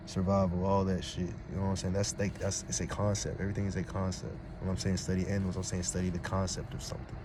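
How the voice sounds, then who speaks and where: A man's voice: low voice, noisy background. Blunt, streetwise man on a rant. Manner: blunt, streetwise, keeps asking "you feel me"; gets loud and heated when arguing. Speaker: vlogger on spirituality. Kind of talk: casual preachy monologue.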